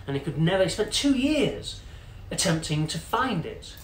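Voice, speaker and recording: A man's voice: a little high, big pitch swings, normal speed. A man telling a long story in a chatty, casual way, full of "you know" fillers and quoted voices. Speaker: company CEO telling a story. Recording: echoey room with faint noise.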